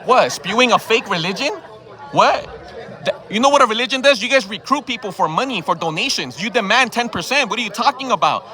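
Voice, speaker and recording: A man's voice: high voice, expressive, fairly quick, sharp tone, a faint crowd. A man confronting people in a heated outdoor argument, firing repeated questions and swearing, filmed on his own phone camera. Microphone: phone camera held by the speaker.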